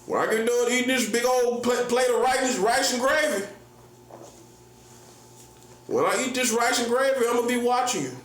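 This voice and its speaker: A man's voice: extremely high pitch, moderate pace, pauses often, a bit bright, voice pushed up. A man putting on the voice of a watchful old man of seventy-two, drawling and teasing. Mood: taunting. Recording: echoey room with faint hum.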